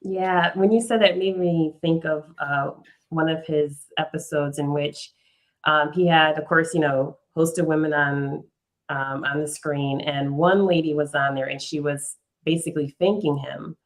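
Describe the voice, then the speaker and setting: A woman's voice: low voice, fairly even intonation, measured pace. A woman co-hosting a podcast in casual discussion, telling a story steadily with "um" and "you know". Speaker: podcast co-host.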